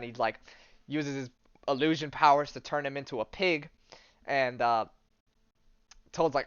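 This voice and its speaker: A man's voice: medium pitch, moderate pace, clean tone, no echo, muffled recording. A man hosting a podcast, retelling a comic in a casual, jokey way with lots of fillers. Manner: animated, jokey storyteller with many fillers. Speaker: podcast host.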